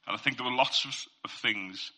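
A man's voice: mid-range voice, brisk, bright, forceful tone. A man giving an informal Christian faith talk. He speaks earnestly and conversationally, sharing testimony and addressing listeners directly.

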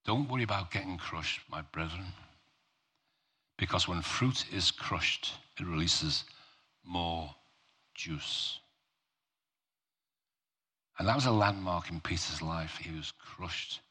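A male preacher giving a sermon, talking slowly and emphatically in a conversational way, with rhetorical questions to the congregation. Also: deep voice, pushed and bright, breathy edge.

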